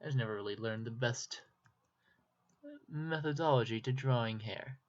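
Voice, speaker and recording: A young man with a Minnesotan accent talks his way through a drawing in a loose, rambling, self-deprecating way. His voice sits at a middling pitch. The recording is dull and lo-fi, with mouse clicks in the background. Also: normal speed. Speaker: YouTuber. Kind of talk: casual drawing commentary. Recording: dull lo-fi mic.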